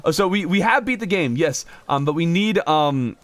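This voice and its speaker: A man streaming a video game, chatting casually with his chat and laughing often in a jokey, animated way. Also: a little high, moderate pace, dry recording. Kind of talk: casual live-stream chat, reading chat aloud.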